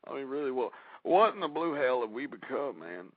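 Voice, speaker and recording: A man's voice: mid-range voice, very animated, fairly quick, dry recording, phone-quality sound. A male talk radio host ranting in distress, groaning and moaning between his complaints. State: distressed and pained.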